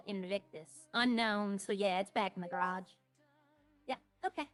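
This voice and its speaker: A woman's voice: mid-range voice, moderate pace, soft background music. Rambling woman roleplay streamer. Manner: rambling, talks to herself while playing. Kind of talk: casual game roleplay chatter.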